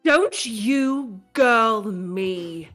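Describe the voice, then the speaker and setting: Sharp-tongued fight club owner, played by a woman, defiant, scolding. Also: sits high, sing-song, normal speed, faint music behind, voice pushed up, full character voice.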